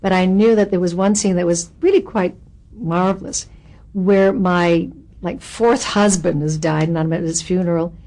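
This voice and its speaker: A woman being interviewed as an actress, telling anecdotes in an animated, expressive way and acting out the quotes. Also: fairly low pitch, normal speed. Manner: animated, expressive storyteller who acts out quotes.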